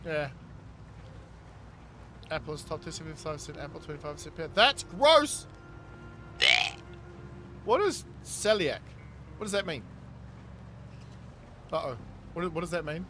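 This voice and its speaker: A man's voice: on the high side, fairly even intonation, normal speed, pauses often, background noise. A man, chatting casually with his live-stream viewers as he plays, reading chat aloud and laughing often. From New Zealand. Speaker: game streamer.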